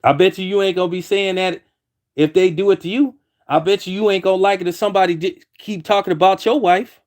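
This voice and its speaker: A man's voice: high-pitched, steady tone, fast, darkish tone. A man giving a heated opinion commentary, repeating himself and restarting lines as he argues his point. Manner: heated, repetitive, many restarts.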